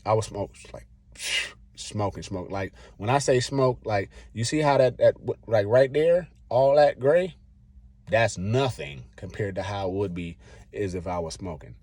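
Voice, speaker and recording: Low-voiced man rambling through a story. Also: measured pace, no room sound. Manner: rambling, acts out his own past lines; relaxed slangy talk. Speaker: vlogger. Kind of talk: casual personal storytelling.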